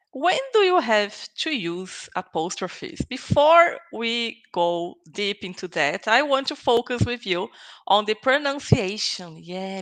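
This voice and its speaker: A woman whose first language is Portuguese gives a live online English grammar lesson. She speaks slowly and patiently, tagging her points with little check-ins, at a middle pitch. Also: fairly bright tone, poor audio. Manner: slow, patient, checks in with "okay?" and "right?". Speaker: English teacher.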